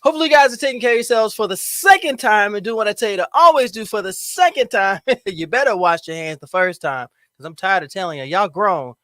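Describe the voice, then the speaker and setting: A man's voice: high voice, lively intonation, quick pace, few pauses, bright, forceful tone, no room sound. A man hosting a casual live stream chat show, hyped, joking and playful with his audience and guest. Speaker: livestream host.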